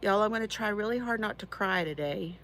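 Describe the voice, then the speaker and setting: A woman's voice: mid-range voice, brisk, fairly bright tone, slight background noise, low-quality recording. A woman, hosting a casual crafting live stream from her chair at home, greeting viewers by name and laughing often. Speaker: crafting channel host.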